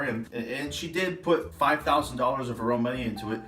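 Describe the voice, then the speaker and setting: A man's voice: mid-range voice, animated, brisk, hardly any pauses, sharp tone, reverberant, recorded from a distance, soft background music. A man ranting indignantly in a political vlog, sarcastic and getting worked up. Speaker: political vlogger. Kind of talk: ranting commentary.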